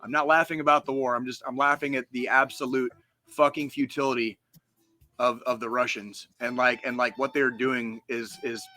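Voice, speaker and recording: Profane, heated podcast host, bright voice. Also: male voice, mid-range voice, level tone, moderate pace, soft background music. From United States. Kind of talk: casual podcast chat.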